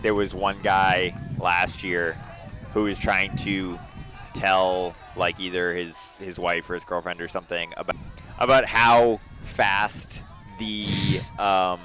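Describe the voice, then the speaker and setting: A young man with a lowish voice chats his way through a track meet livestream. He talks loosely and casually, leaning on filler words and easy laughter as he calls the race from outdoors. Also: flat delivery, takes it slowly, bright, forceful tone, soft background music. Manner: chatty, filler-heavy with frequent laughs. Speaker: meet commentator.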